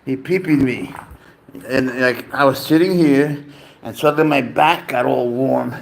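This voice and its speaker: Here a teacher chats casually on a live stream from his home, his gravelly, medium-pitched voice moving at a moderate pace. Between asides he rambles, curses, and baby-talks to his pet.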